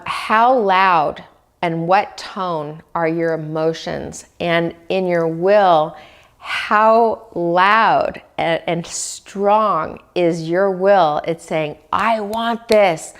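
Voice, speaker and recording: A woman with a somewhat low voice gives a reflective self-help talk on wellness. She speaks very slowly and gently, often pausing to ask the listener questions about their inner life. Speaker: dietitian giving wellness tips.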